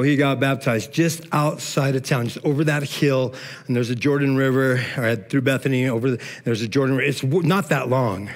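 A middle-aged man preaching a lively, informal sermon as pastor, often saying "man" between phrases. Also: medium pitch.

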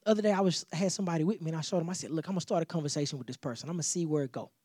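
Animated preaching man, dry sound. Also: on the high side, very fast, no echo. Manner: animated, conversational preaching with repetitions and acted-out dialogue. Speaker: pastor. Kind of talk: sermon.

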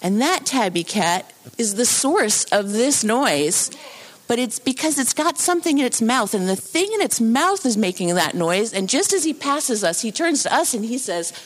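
A woman telling a true story live on a theatre stage into a microphone, animated and acting out the voices of the people in it. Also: a little high, moderate pace. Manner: animated, acts out voices and sounds.

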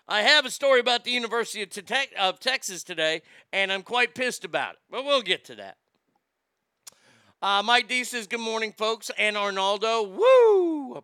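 Man, casual stream host, high and very bright voice, dry close sound, animated and loud. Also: smooth, dry recording. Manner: loud, animated, swearing, reads chat aloud. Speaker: live stream host greeting chat. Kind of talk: casual morning chat show.

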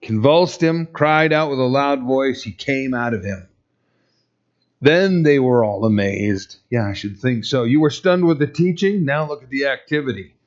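A man's voice: medium pitch, moderate pace, highs cut off. A male pastor giving a conversational, emphatic sermon with rhetorical questions to the congregation.

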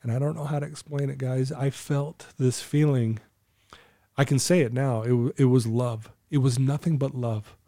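Middle-aged man, earnest storyteller, mellow voice, dry close mic. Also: medium pitch, steady tone, normal speed, no room sound. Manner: earnest, acts out quoted dialogue. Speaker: guest telling his story. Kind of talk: casual storytelling conversation.

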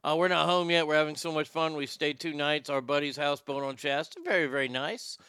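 A man's voice: fairly high pitch, a little fast, bright, forceful tone, clean tone, dry recording, studio quality. A man hosting a casual show, ranting sarcastically with lots of profanity. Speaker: podcast host.

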